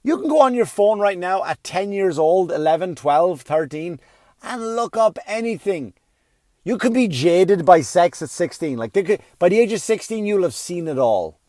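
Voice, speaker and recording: A middle-aged man doing a stand-up comedy routine, profane and ranting, swinging from muttering to yelling. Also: high-pitched, lively intonation, moderate pace, hardly any pauses, dry recording.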